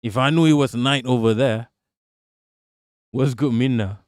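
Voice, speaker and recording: He has a mid-range voice and takes his time, and the recording is dry and studio-clean. Hosting a live stream, the man talks to chat and reacts to news with plenty of profanity and sarcasm, in a casual commentary style.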